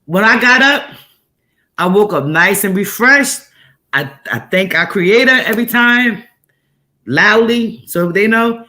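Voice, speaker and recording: Speaking in a mid-range voice without rushing, the host recounts a story casually. She's animated, bright and forceful, and keeps circling back to the same phrases to press each point.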